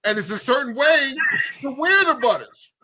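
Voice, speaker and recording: A man from New York City co-hosting a radio talk show, bantering in an animated, slangy way and cutting in to tease his co-host. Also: very high voice, normal speed, noisy background. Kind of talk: casual banter.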